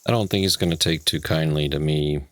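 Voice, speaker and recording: A man playing a medieval game and commenting casually, relaxed and wry. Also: rumbling low, brisk, no room sound. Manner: relaxed, wry, chuckling to himself. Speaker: let's play host.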